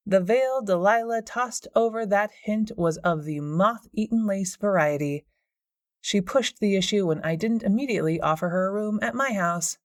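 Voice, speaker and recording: A woman's voice: mid-range voice, normal speed, no room sound. A woman reading a cozy mystery audiobook in the first person, with a wry, dryly sarcastic edge, on a close studio mic. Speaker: audiobook narrator. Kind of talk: first-person scripted narration.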